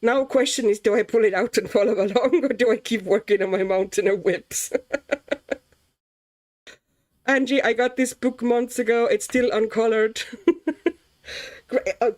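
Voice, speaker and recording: Slow, chatty woman colouring on stream. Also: fairly high pitch, a little mellow. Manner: chatty, laughs often, reads chat names aloud; muses aloud while working. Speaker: livestream host. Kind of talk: casual chat while colouring.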